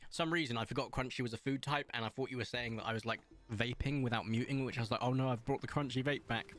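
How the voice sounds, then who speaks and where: A man's voice: medium pitch, fast talker, a bit bright, faint music behind. A man from England, chatting casually with his live-stream chat while gaming and laughing often. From southern England.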